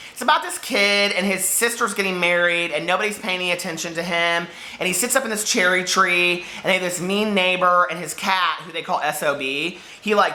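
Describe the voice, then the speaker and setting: A man's voice: high-pitched, pushed and bright, echoey room. A man chatting casually about books he read this week, rambling and giggling, overheated in a hot room. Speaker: book vlogger. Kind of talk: casual chat.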